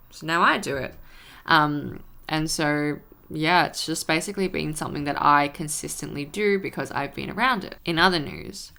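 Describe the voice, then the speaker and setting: A young woman chats casually on her vlog, rambling from thought to thought and acting out her own frustrated rants. Her voice sits low with a gravelly fry, but it carries a bright, forceful edge. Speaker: vlogger. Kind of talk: casual talk to camera.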